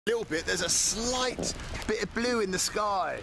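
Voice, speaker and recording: A high-pitched, creaky male voice speaks unhurriedly, with loud street noise from a video clip. He's a travel vlogger chatting wryly to his handheld camera as he walks through town streets and later sits in a bar.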